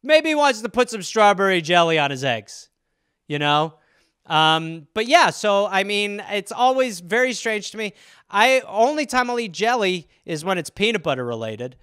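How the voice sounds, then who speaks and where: A man with a high, bright voice hosts a solo comedy podcast, rambling casually and swearing freely. His tone is smooth and clear, recorded close with a completely dry sound. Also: sing-song, moderate pace, dry recording. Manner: profane, rambling, conversational. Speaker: podcast host.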